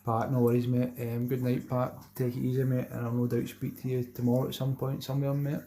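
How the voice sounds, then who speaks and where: A man's voice: mid-range voice, completely flat delivery, brisk, creaky, dark tone, slight background noise. A Scottish man from Glasgow hosting a casual fishing livestream, chatting with viewers by name and calling them "mate" all the time. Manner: chatty, says "mate" constantly, reads out viewer names. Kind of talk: casual live chat with viewers.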